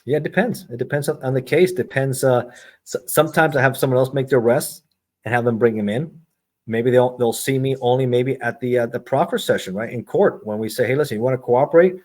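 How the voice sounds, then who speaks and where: A middle-aged retired federal agent, appearing as a guest on a podcast interview, tells stories in a mid-range, a little mellow voice. He's a brisk storyteller who acts out the dialogue he quotes.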